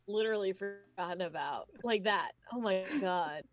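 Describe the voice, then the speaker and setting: A woman narrating as game master in a casual tabletop session, halting and relaxed with many fillers. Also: mid-range voice, dull audio.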